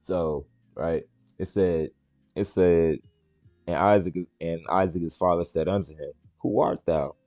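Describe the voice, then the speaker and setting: Deep, dark-voiced man reading scripture casually. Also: unhurried, dry recording, faint music behind. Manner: slangy, repeats words, jumps into high excited voices for quoted characters. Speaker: stream host reading scripture. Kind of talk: casual Bible reading and commentary.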